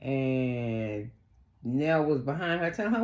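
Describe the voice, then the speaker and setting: A woman casually recapping a reality show, blunt and profane, acting out the cast's lines in a much higher voice. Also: animated, a little slow, darkish tone, reverberant. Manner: blunt, profane, talks back to the cast; acts out quotes in a much higher voice.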